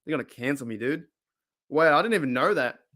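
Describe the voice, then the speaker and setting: A man's voice: fairly high pitch, expressive, fairly quick, pushed and bright. A man with an Australian accent hosting a casual live stream, rambling, repeating himself and laughing often.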